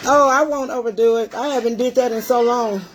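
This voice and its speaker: Older lady out of breath, chatty livestream host calling out viewers, kinda high voice. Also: a little fast. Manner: chatty, greets commenters by name. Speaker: livestream cooking show host. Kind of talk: casual livestream chat with viewers.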